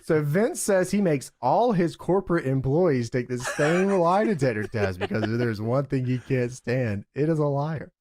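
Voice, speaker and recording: A man's voice: medium pitch, lively intonation, normal speed, hardly any pauses, a little mellow. A man co-hosting a casual recap chat, retelling events with chuckling narration. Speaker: podcast co-host.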